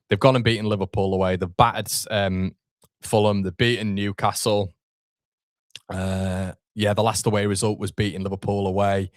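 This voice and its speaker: Young man, live fan commentary, frustrated, swears, low voice, dry sound. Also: no room sound. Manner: frustrated, swearing, talks to chat. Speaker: fan watchalong host.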